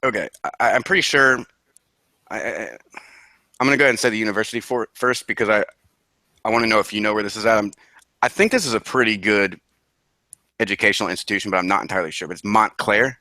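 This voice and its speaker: A man's voice: fairly low pitch, quick pace, long pauses, pushed and bright, no echo. Profane, laughing man hosting a podcast. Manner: profane, laughs often, mock-incredulous. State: sick. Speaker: podcast co-host. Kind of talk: casual chat.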